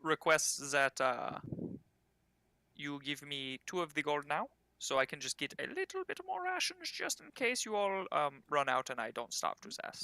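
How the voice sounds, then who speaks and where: A man's voice: fairly high pitch, big pitch swings, moderate pace, sharp tone, dry recording, exaggerated voice, low-quality recording. A man playing a polite, cautious male hireling in a tabletop game, talking hesitantly with many fillers. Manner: hesitant, courteous, full of fillers.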